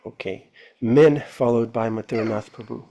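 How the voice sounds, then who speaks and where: A man's voice: mid-range voice, normal speed, gravelly, warm tone. A man moderating a devotional class discussion, courteously thanking speakers and calling on the next.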